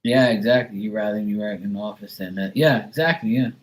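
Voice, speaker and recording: A man's voice: fairly low pitch, fast talker, rough recording. A man hosting a live stream, chatting casually in a sarcastic, rambling way and swearing now and then. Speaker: live stream host reading chat. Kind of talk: casual chat.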